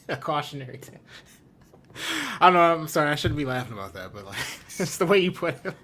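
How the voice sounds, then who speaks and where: Bright-voiced easygoing male host. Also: a little high, big pitch swings, fast. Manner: easygoing, hesitant with fillers when announcing. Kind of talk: casual interview and stream announcements.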